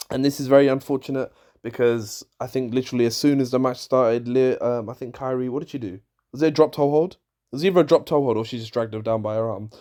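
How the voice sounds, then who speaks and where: A man's voice: medium pitch, darkish tone. A young man tears through a wrestling show review in an exasperated rant. He sounds fed up and sarcastic as he picks apart each segment.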